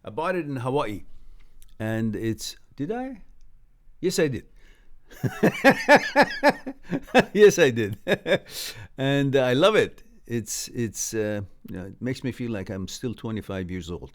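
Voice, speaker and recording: Slow, chuckling male livestream host. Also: medium pitch, sing-song. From Canada. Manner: slow and chuckling, reads comments aloud with upbeat asides. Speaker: livestream host reading viewer comments. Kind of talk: casual live-stream chat.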